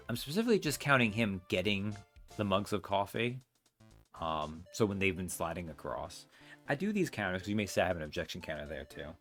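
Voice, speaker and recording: A man rattles through casual let's play commentary, full of rambling asides and self-deprecating jokes. His voice sits low but moves lively in pitch, and faint game music plays behind him. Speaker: let's player.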